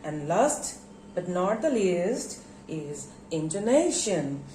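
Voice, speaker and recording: Slow, deliberate woman teacher. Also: lowish voice, big pitch swings, dark tone. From Bangladesh. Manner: slow, drawn-out word emphasis, repeats words for students. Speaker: English teacher. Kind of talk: recorded classroom lesson. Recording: echoey room, faint background noise.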